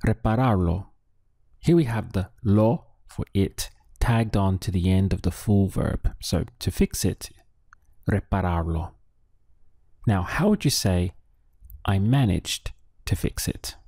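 A man teaching a Spanish lesson, slowly and patiently, with pauses for the listener to think. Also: sits low, animated, mellow, dry recording, clean studio sound. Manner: slow, patient, with drill pauses. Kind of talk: audio language lesson.

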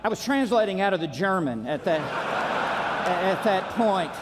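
High-voiced emphatic preacher in a reverberant hall. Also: male voice, animated, unhurried, background noise. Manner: emphatic, punchy repetition with rising shouts. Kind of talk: conference sermon. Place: large auditorium. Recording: long reverb of a large hall.

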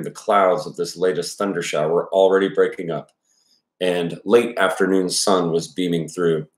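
A man reading a novel aloud, then commenting casually with profane asides and many fillers. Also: sits low. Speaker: audiobook reader and commentator. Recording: echoey room.

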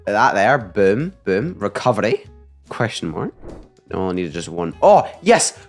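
A man giving excited live gameplay commentary, talking to himself and shouting at his mistakes. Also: on the low side, measured pace, faint music behind. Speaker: gaming YouTuber.

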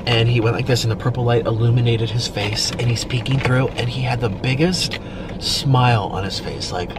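A man's voice: mid-range voice, normal speed, heavy background noise. A man talking emotionally and at length while eating on camera, rambling and filling his speech with "like". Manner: rambling and emotional, heavy use of "like". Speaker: mukbang video creator.

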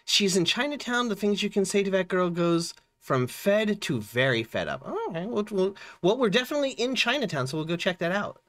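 Speaking fairly quickly in a high-pitched voice with hardly any pauses, this man live-streams a game. His chatter is casual and full of lively rises and falls as he fiddles with his audio settings.

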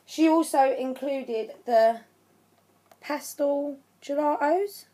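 A woman hosts a craft unboxing vlog in a high, bright-toned voice. She speaks slowly and gushes with thanks. She is so moved that she shakes with excitement and fights back tears. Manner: emotional, gushing with thanks; shaky with excitement. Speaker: craft channel vlogger.

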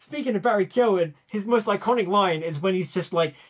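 Animated young man with a bright voice. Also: sits high, brisk. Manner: animated, acts out quoted reactions in a raised voice. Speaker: co-host of a TV review channel. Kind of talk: casual review chat.

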